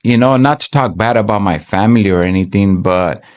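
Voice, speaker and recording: A man with a fairly low voice tells his faith story in an earnest, halting way. He keeps restarting his sentences as he speaks to a church interviewer. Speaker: church member giving testimony. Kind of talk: personal faith testimony.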